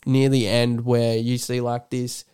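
A man co-hosting a casual film podcast, retelling scenes with animated energy and frequent laughter. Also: medium pitch, a little slow, clean tone. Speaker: podcast co-host. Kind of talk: casual film review chat.

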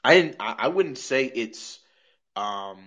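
A man co-hosting a podcast, recapping wrestling shows in an animated, casual way, swearing and laughing as he goes. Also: mid-range voice, slow. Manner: animated storyteller, swears and laughs mid-sentence. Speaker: podcast co-host.

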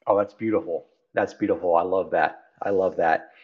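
Low and steady at a moderate pace, this Texan's voice comes through a muffled recording. The middle-aged private equity CEO, interviewed as a guest, reflects emphatically, repeating phrases to drive points home.

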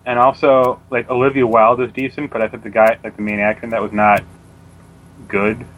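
A man's voice: medium pitch, little pitch movement, normal speed. A man co-hosting a casual gaming podcast, blunt, with dry wisecracks. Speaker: podcast co-host. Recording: dull lo-fi audio.

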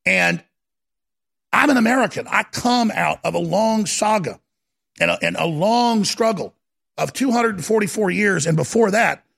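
A male talk host rants in a fervent, preacher-like monologue. His voice sits high, with heavy gravel and a husky edge. He often erupts into shouting. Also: moderate pace. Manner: impassioned, preacher-like, bursts into shouting.

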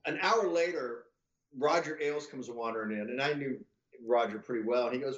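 A man's voice: mid-range voice, fairly quick. Male podcast guest, loose profane storyteller who acts out the other voices; muffled, echoey room sound. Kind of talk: casual anecdotal storytelling.

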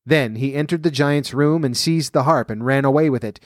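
A man reading a fairy tale aloud at a steady, measured pace. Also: mid-range voice, dry recording, studio quality. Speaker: storyteller.

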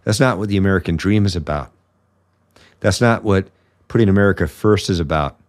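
Man, fairly low voice, podcast host, blunt, sarcastic, indignant ranting commentary. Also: fairly quick, no room sound. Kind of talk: political commentary monologue.

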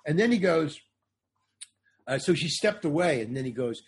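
Here an older comedian-actor, a guest on a podcast, recounts a show business anecdote at a moderate pace with frequent pauses. His voice is fairly high and slightly rough, and he brings the tale to life by acting out others' voices.

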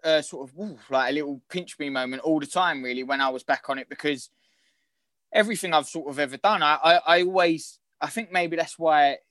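A man with a London accent, a guest actor chatting in a rambling, halting way with many restarts. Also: a little high, fairly bright tone, no room sound. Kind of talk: casual chat.

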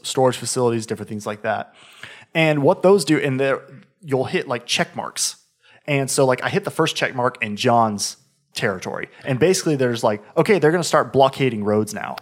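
Rambling man chatting eagerly about a game. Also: mid-range voice. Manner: rambling, self-correcting, enthusiastic. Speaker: gamer describing a game. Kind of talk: casual chat.

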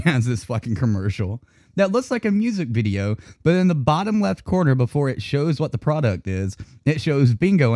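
A man's voice: medium pitch, mellow, dry recording, studio quality. A man co-hosting a podcast in profane, joking casual chat, laughing often. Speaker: podcast co-host.

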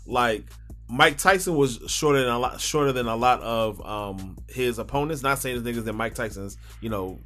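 Man in animated, profane sports banter. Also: medium pitch, normal speed, faint music behind. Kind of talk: casual sports chat.

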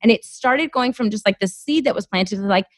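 A woman in her thirties talks through her story as a podcast guest, animated and full of fillers. Her pitch sits in the middle of the range for a woman. She is recorded close and dry, with no room sound. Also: a little fast, no echo. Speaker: guest, former lawyer. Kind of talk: casual podcast conversation.

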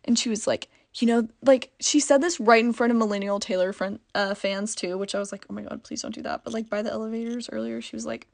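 Giggly young woman with a gravelly edge. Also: fairly high pitch, fairly even intonation, quick pace, few pauses. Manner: chatty and giggly, with frequent "like" fillers. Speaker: vlogger. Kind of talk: casual storytime chat.

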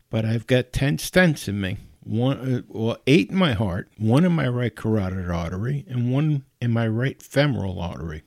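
A man's voice: lowish voice, gravelly, a little mellow, no echo, studio quality. A middle-aged man hosting a podcast, giving casual advice and telling personal stories in an earnest, folksy, pleading way. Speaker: podcast host.

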